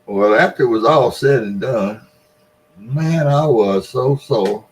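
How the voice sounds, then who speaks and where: Slow and mid-range, the voice of a seventy-something Mississippi Delta man carries a long, casual story with a Southern accent. This vlogger tells it in a folksy way and laughs between lines, and there's a little hiss or hum in the recording.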